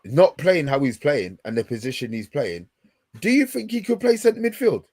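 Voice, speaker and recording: A man's voice: fairly high pitch, big pitch swings, moderate pace, a little mellow. Guy on a football podcast, keeps restarting his sentences, casual slang. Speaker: podcast co-host.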